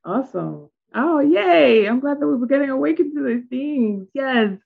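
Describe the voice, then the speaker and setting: A woman's voice: high voice, expressive, moderate pace, vocal fry. A woman hosting a group coaching call over video, encouraging and calling on participants in turn. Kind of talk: casual group chat. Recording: dull lo-fi call audio.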